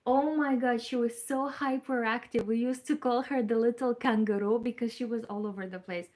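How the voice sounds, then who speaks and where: A woman's voice: a little high, fairly even intonation, darkish tone. A woman from Moldova hosting a casual knitting livestream. She chats with viewers, thinks aloud and laughs along the way. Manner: unhurried, chatty, thinking aloud with fillers and laughs. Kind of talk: casual livestream chat, reading viewer comments.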